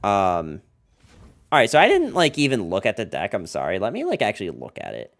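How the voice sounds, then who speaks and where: A man with a lowish, somewhat bright voice whose pitch swoops wildly streams a card game, talking a little fast as he chats casually with viewers. He rambles, filling his talk with "like" and "um" and tossing jokey asides to chat.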